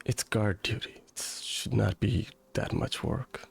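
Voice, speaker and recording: A man's voice: lowish voice, slow pace, creaky, husky. A man running a tabletop game as game master, dry and wry in his remarks.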